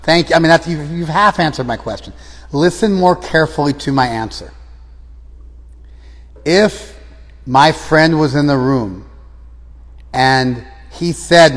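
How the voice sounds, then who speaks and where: A man's voice: on the high side, measured pace, long pauses, long reverb tail. A man leading a scripture class, probing his students with repeated questions. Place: class room, some students joining by phone.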